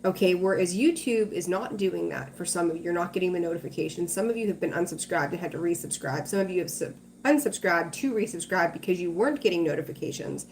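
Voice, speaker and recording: A woman's voice: fairly low pitch, fast, a little mellow, a little hiss or hum. A woman hosting a tarot livestream, chatting casually with viewers, reassuring them and greeting them by name.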